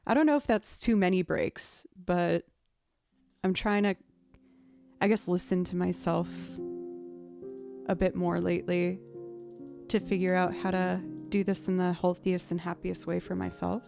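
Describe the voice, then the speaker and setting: A woman's voice: lowish voice, flat delivery, unhurried, vocal fry, pauses often. Chatty woman streamer, music faint behind. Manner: chatty, thanks viewers, frequent fillers. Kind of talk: casual live-stream chat.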